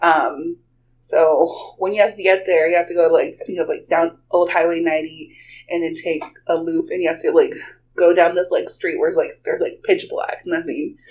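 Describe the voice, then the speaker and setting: A woman's voice: on the low side, normal speed, slight background noise, poor audio. Chatty woman, laughing storyteller. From Texas. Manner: animated, laughs often, many "like" fillers. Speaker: guest storyteller. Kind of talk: casual storytelling.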